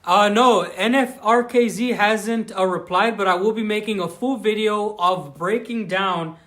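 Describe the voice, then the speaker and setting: A young man with a Southern Californian accent and a fairly high voice, talking loosely to his livestream audience. He restarts sentences often and breaks off to thank viewers. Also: measured pace, fairly bright tone. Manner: chatty, thanks viewers, frequent restarts and fillers. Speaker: livestream vlogger. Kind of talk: casual live-stream chat. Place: outdoors on a rural plot.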